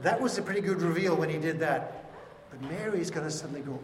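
A man with a fairly high voice delivers a lively Easter sermon, slipping into the voices of the people he describes. He is picked up from a distance, so the sound comes with a long echo off the walls of a church hall. Faint ambient noise hangs in the background. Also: fast. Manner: expressive, acts out voices of biblical figures. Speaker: pastor.

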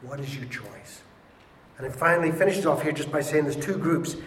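A man preaching a sermon with passion, swinging between loud and hushed delivery. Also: on the high side, moderate pace. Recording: echoey hall with faint ambience.

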